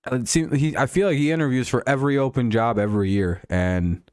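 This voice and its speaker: A man's voice: mid-range voice, a little fast, darkish tone, clear, resonant tone, no room sound, studio quality. A man hosting a casual stream, rambling and joking crudely about sports. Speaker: streamer host.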